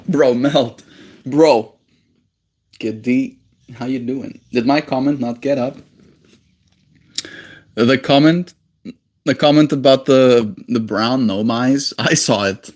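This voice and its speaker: During his daily livestream, a young man reads comments and answers them loosely, teasing the people watching. He has a mid-range, steady voice and speaks slowly with long pauses, drifting into silly put-on voices and occasional quiet mumbles.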